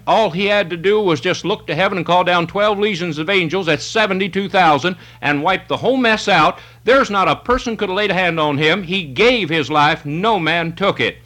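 A man's voice: sits high, pushed and bright. A male preacher delivering a fervent, emphatic sermon, reading scripture aloud and exhorting his listeners directly.

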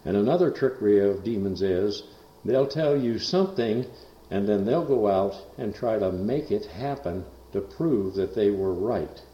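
A man preaching in a folksy, rambling way, full of fillers and asides, who rises to loud, emphatic bursts on scripture. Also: on the low side, animated, unhurried. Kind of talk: folksy sermon storytelling. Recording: roomy, dull lo-fi recording.

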